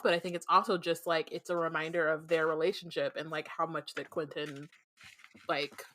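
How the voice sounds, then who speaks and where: Woman, podcast co-host, lower pitch, bright tone, dry close sound, chatty recap. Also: dry recording. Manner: chatty, many fillers, laughs often. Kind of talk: casual book discussion.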